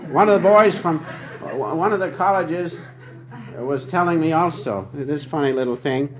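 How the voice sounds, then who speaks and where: An older man giving an informal spiritual talk, telling folksy little stories with gentle humor. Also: fairly high pitch, moderate pace. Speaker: spiritual teacher. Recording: dull lo-fi old recording.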